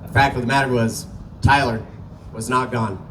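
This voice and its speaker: A man's voice: mid-range voice, fairly even intonation, moderate pace, a bit bright, distant mic, a little hiss or hum, poor audio. A man doing a stand-up comedy set, telling a story in a loose, profane way and laughing at his own jokes. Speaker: stand-up comic. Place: small comedy venue.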